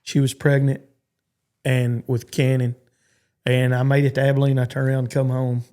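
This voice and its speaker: A man's voice: medium pitch, completely flat delivery, moderate pace, warm tone. A Texan man in his forties, a podcast guest telling rambling stories with lots of restarts. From Texas. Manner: rambling, stop-start storytelling with repeated restarts. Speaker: guest, cowboy. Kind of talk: storytelling in a podcast interview.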